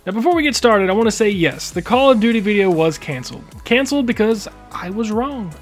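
A man's voice: sits high, animated, fairly quick, soft background music. A man giving emphatic, opinionated gaming commentary as a YouTuber, indignant and sarcastic at times.

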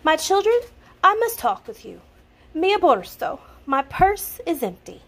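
A woman's voice: very high voice, very animated, unhurried, a bit bright, pitched above the performer's own voice, full character voice. A woman voicing a kind, motherly old female village witch who talks soothingly and slips in Italian words. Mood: gentle.

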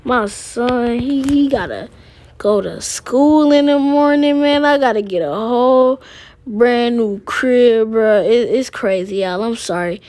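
A woman's voice: fairly high pitch, takes it slowly, darkish tone. A woman talking casually to viewers while playing a life-sim game, rambling in slang. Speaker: gaming vlogger. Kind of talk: casual game commentary with role-play.

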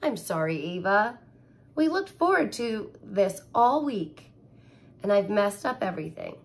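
A woman's voice: mid-range voice, very animated, unhurried, gravelly, slight background noise. A woman voicing a fretful mother who sighs and wails dramatically over setbacks. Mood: defeated. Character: fretful mother, adult woman, easily flustered.

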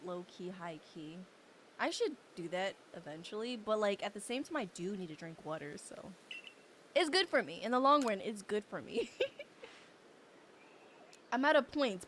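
A woman's voice: medium pitch, animated, moderate pace, a bit bright, slight background noise. A young woman streaming a game live, chatting playfully with her chat and bursting into squeals.

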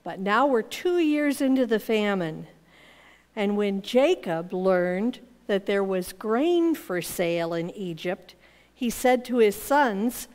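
A woman's voice: mid-range voice, expressive, takes it slowly, darkish tone, in a large hall. A woman telling a Bible story to children, animating the characters' lines as she teaches. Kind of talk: storytelling Bible lesson for kids.

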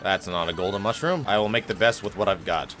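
A young man hosting a gaming video, commenting on a race and swinging from low muttering to shrill, mock-furious yelling. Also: fast. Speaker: gaming channel host. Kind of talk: let's-play race commentary. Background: game music.

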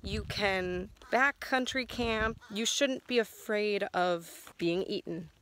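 A woman talking candidly to her phone camera as a travel vlogger, chatty and thinking out loud. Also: mid-range voice, takes it slowly, a little hiss or hum. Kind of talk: casual vlog talk to camera.

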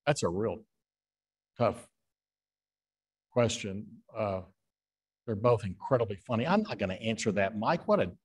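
A man, a guest author, telling rambling stage anecdotes with frequent filler pauses. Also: on the low side, expressive, husky.

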